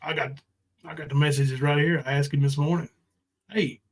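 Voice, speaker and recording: A man's voice: on the high side, level tone, fairly quick, poor audio. Rambling, profane man ranting on a livestream. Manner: profane and confrontational, with many ums and restarts. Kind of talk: casual livestream rant.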